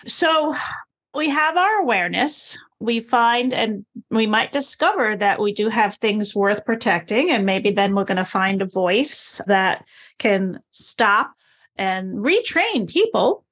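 A woman's voice: mid-range voice, lively intonation, slow pace, a bit bright. A woman hosting a casual podcast chat, thoughtful and encouraging as she asks questions.

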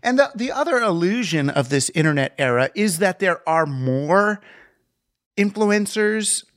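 A man hosting a podcast in casual conversation, animated and thinking aloud, often restarting his sentences. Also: sits high, unhurried. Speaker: podcast host.

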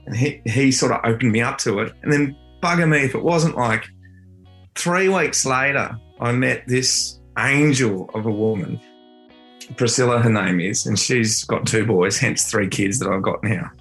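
A man's voice: medium pitch, moderate pace, a bit bright. Earnest Australian man, faint guitar behind. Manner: earnest, heartfelt, reflective. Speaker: father and guitar teacher. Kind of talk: personal storytelling.

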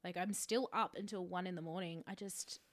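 A woman's voice: lowish voice, steady tone, a little fast. An Australian woman co-hosting a podcast, sounding worn out and weary, rambling through her week in casual chat with self-deprecating asides. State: tired. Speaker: podcast co-host.

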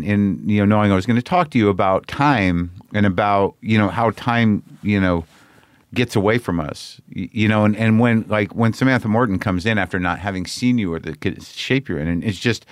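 A man interviewing a guest, speaking in a halting, searching way with many restarts. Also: on the low side, dry recording, studio quality. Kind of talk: conversational interview.

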